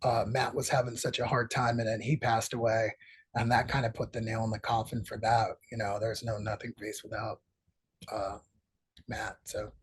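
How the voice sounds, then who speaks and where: A man's voice: lowish voice, normal speed, slightly rough. A middle-aged man telling rambling, profanity-laced stories as a podcast interview guest. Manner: profane, rambling, animated storytelling. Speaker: guest musician. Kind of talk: casual storytelling interview.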